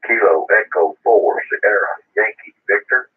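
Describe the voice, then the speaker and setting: A man's voice: on the low side, measured pace, slightly rough. Distant man on tinny radio. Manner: easygoing, brief replies. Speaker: radio net check-in. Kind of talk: ham radio net chat.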